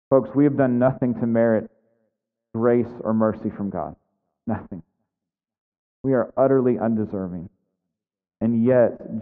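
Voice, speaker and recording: A man pastor delivers a sermon in a church, earnest at first and then pressing each point with fervent emphasis. The sound is thin and phone-like. It rings with the long reverb of a big hall. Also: medium pitch.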